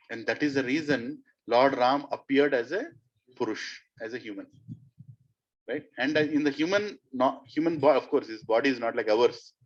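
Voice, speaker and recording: A man giving a devotional storytelling talk and questioning his audience often. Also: a little high. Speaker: spiritual speaker. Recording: dull lo-fi recording.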